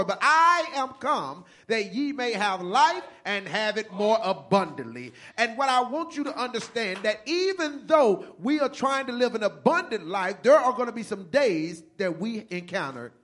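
A man delivers a sermon in a voice pitched a little higher than most men's. He reads scripture in a slow, measured way, then preaches with a rising, fervent cadence. He leans on repeated phrases for emphasis. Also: fairly bright tone.

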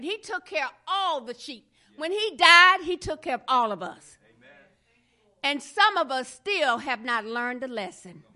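A woman's voice: high-pitched, pushed and bright. A woman preaching a sermon with impassioned, repetitive emphasis that builds and rises.

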